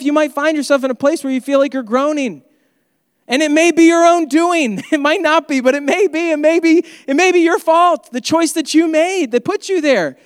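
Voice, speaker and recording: A man's voice: very high voice, dry recording, clean studio sound, in a large hall. A man preaching an earnest, conversational sermon as pastor.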